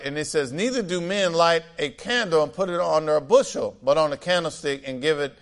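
Man preaching with lively call-and-response. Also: fairly high pitch. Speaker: pastor. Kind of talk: sermon.

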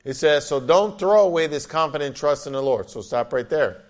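A man's voice: a little high, brisk, few pauses. A man pastor preaching an emphatic sermon with frequent amens and scripture readings.

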